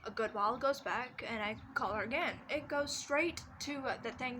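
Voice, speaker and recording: A woman's voice: high-pitched, normal speed, few pauses, background noise. A young woman in her teens telling personal stories in a casual vlog from her bedroom, rambling with many restarts and fillers. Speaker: vlogger.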